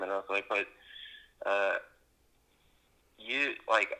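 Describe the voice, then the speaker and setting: A man, a stand-up comedian, chatting in a casual podcast, speaking in a laid-back, halting way with many pauses and fillers. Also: fairly low pitch, fairly even intonation, bright, forceful tone, low-quality recording.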